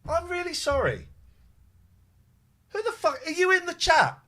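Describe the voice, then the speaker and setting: At home, a man hosts a live phone-in show and launches into an angry rant, swearing and repeating himself. His voice is extremely high-pitched, sing-song and sharp, delivered at a measured pace.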